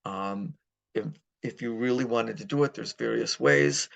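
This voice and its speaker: Gravelly-voiced man teaching a lesson. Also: medium pitch. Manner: relaxed, halting, many fillers. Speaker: Spanish teacher. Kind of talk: recorded language lecture.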